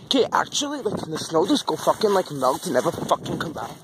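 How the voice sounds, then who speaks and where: A man with a slightly high, very animated voice talks quickly while casually vlogging on a handheld phone, rambling, frustrated, and swearing constantly. He starts outdoors in the wind, where wind noise is audible, then moves inside his home.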